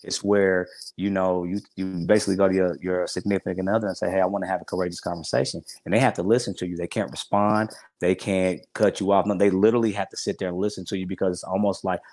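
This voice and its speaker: A man's voice: sits low, level tone, quick pace, few pauses, darkish tone, no echo. A man in his forties talking openly in a casual interview, heartfelt and rambling, often restarting his sentences. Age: 40s. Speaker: podcast guest.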